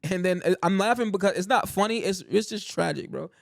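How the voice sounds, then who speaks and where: A man's voice: sits high, brisk, creaky, no echo, clean studio sound. A man co-hosting a podcast, telling stories in casual chat with lots of fillers. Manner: animated storyteller, heavy fillers. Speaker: podcast co-host.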